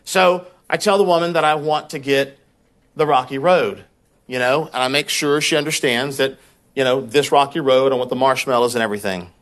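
A man preaching a sermon as a pastor, telling a personal story in a conversational, animated way and repeating words when he gets worked up. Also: mid-range voice, normal speed.

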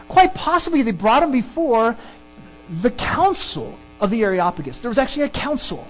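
A pastor preaching a sermon and teaching through a Bible passage, emphatic and animated. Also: moderate pace, slight background noise, rough recording. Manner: animated, emphatic preaching with sudden pitch jumps.

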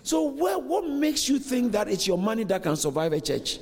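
A man preaches with lively swings of pitch in a slightly raised voice. He acts out the scripture voices as he goes. His words ring with the long reverb of a church hall. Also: moderate pace, hardly any pauses. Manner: animated preaching, acts out dialogue. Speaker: pastor. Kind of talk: sermon.

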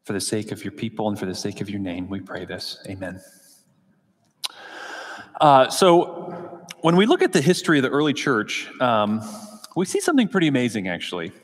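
A man preaching a sermon in a church, reading scripture in a measured, unhurried way with frequent filler sounds. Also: fairly low pitch, huge pitch swings, long reverb tail. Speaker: pastor. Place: church sanctuary.

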